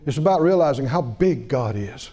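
A man preaching a sermon, telling a story with laughter and acting out what people said. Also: normal speed. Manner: lively, wide-ranging pitch.

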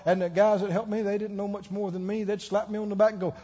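Speaking briskly in a high, slightly husky voice, a preacher delivers his sermon with animated storytelling, acting out the people in his stories and laughing. The muffled, dull recording carries a long echo through the church hall.

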